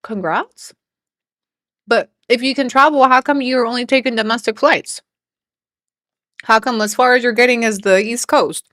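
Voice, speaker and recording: Profane, mocking woman streamer, bright and dry. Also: fairly high pitch, moderate pace, pauses often, no room sound. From Mexico. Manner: profane, mocking, laughing often. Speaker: commentary streamer. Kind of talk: live reaction commentary.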